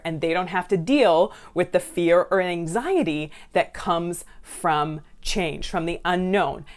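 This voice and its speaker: A woman counsellor giving advice to viewers in a direct, conversational way. She asks them questions and acts out lines they might hear. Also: fairly low pitch. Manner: acts out what family members say.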